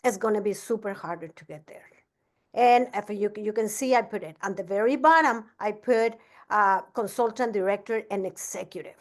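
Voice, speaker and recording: A woman giving a casual training talk as a business coach, energetic and often restarting her sentences. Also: mid-range voice, normal speed. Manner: energetic, repeats herself, frequent restarts.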